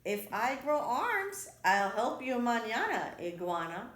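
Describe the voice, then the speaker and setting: A lazy storybook rattlesnake always promising help tomorrow, put on by a woman. His voice rises higher and brighter, breezy and offhand. Heard in an echoey room. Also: sing-song, takes it slowly. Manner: breezy, excuse-making. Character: lazy male rattlesnake full of excuses.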